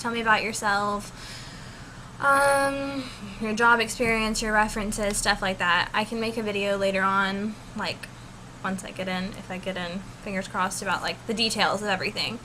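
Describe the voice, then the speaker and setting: Young woman, college vlogger, bright, chatty, says "like" a lot, faint background noise. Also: mid-range voice, moderate pace. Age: young adult. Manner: chatty, animated, says "like" constantly. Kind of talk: casual storytelling vlog. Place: college dorm room.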